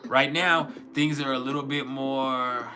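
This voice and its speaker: A man's voice: medium pitch, fairly even intonation, a little slow, sharp tone, soft background music. A man hosting an astrology livestream in a loose, rambling, profane way, full of fillers and restarts. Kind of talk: casual livestream chat.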